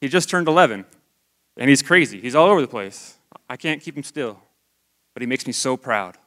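Church speaker, man in his forties, mid-pitched and earnest, talking candidly and conversationally to a congregation. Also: animated, brisk, bright, forceful tone. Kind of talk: personal testimony sermon.

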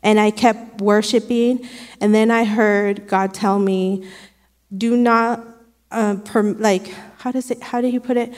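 A woman's voice: medium pitch, fairly even intonation, unhurried, darkish tone, long reverb tail. A woman sharing an earnest, conversational devotional with her church. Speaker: church speaker.

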